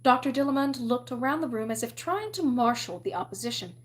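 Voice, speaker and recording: A woman reads a novel aloud with an expressive, storytelling delivery. Her voice sits a little higher than most women's. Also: a little fast. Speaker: reader.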